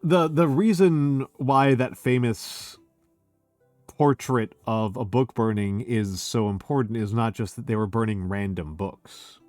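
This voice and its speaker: A man's voice: mid-range voice, measured pace, a little mellow, dry recording, faint music behind. A man chatting casually on a drinking stream, tipsy and hiccuping, rambling and emphatic with lots of fillers. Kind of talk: casual chat.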